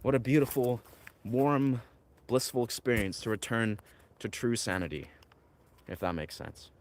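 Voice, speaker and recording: A man speaks outdoors among pine trees, drifting from thought to thought in a dreamy, filler-heavy ramble. His voice sits at an ordinary middle pitch. Faint outdoor ambience hums behind him. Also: a little slow, a little hiss or hum. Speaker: vlogger. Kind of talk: rambling outdoor vlog talk.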